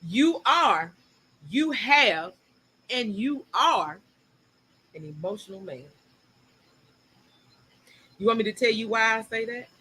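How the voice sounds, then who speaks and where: Bright, emphatic woman co-host. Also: a little high, slow pace, pauses often, husky, rough recording. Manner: animated, emphatic and opinionated, speeds up when making a point. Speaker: podcast co-host. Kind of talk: casual chat.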